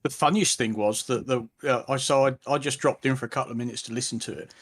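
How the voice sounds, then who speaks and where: A man's voice: medium pitch, fairly even intonation, fast talker, fairly bright tone, breathy edge. A man, a guest in a casual chat, amused and stammering through restarts.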